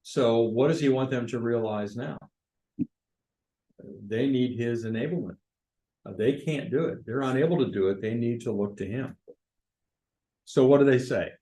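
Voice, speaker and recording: A man's voice: mid-range voice, moderate pace, long pauses, warm tone, low-quality recording. Male Bible study leader, informal, asks the class questions. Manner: informal, with fillers and restarts, asks the group questions. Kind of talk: conversational Bible study teaching.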